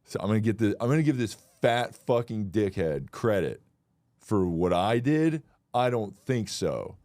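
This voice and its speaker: A man co-hosting a casual comedic podcast, swearing freely and jumping into shrill mock voices when he tells a story. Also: big pitch swings, measured pace, darkish tone, no echo, studio quality. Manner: profane, acts out shrill voices in anecdotes. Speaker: podcast co-host.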